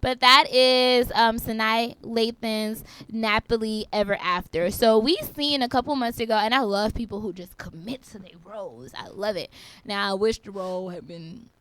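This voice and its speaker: A woman's voice: fairly high pitch, normal speed, fairly bright tone. A woman co-hosting a podcast in casual chat, talking through her thoughts and repeating herself as she goes. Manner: chatty, repeats herself while thinking aloud. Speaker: podcast co-host.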